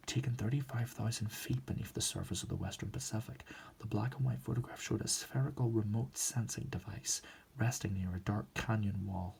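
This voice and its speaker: A man reading a novel aloud in a soft, relaxed manner as a whispered role-play storyteller. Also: fairly low pitch, creaky, slight background noise. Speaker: ASMR storyteller.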